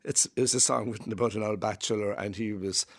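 A man's voice: fairly low pitch, steady tone, brisk. A man with an Irish accent chatting on radio as a regular, telling anecdotes and chuckling as he talks. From Ireland. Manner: anecdotal, jokey, chuckles while talking. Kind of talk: casual radio chat.

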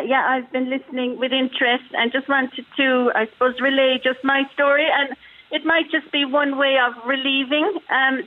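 A woman phoning a radio show as a parent. She tells her story step by step in a steady way, with fillers. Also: high-pitched. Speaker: radio phone-in caller, parent. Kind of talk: phone-in storytelling. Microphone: telephone. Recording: tinny phone line.

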